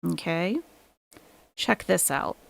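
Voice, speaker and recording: Gravelly, gossipy woman livestreamer. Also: lowish voice, slow, no room sound. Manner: animated, gossipy storytelling to a friend. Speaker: livestream host. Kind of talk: casual livestream chat.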